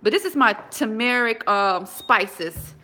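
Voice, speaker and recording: A woman's voice: a little high, animated, slow pace, sharp tone. A woman chatting casually with live viewers from her home, rambling with many restarts. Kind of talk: casual live-stream chat.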